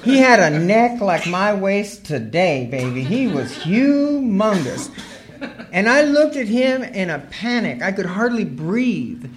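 A woman's voice: mid-range voice, very animated, slow pace. A woman sharing her recovery story as humorous personal storytelling, earthy and wry, laughing as she goes.

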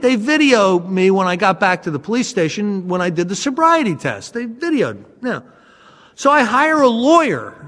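A man with a notably high voice tells a self-mocking story about his past to a listening audience. He talks in an animated, storytelling way. The sound rings with the long reverb of a large hall. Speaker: speaker sharing a recovery story.

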